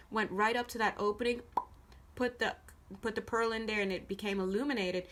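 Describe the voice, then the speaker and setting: A woman's voice: medium pitch, fairly quick, fairly bright tone. A woman giving a casual tarot reading at a table, her intonation swinging a lot as she talks bluntly and swears freely. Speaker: tarot card reader. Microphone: camera filming the cards on a table.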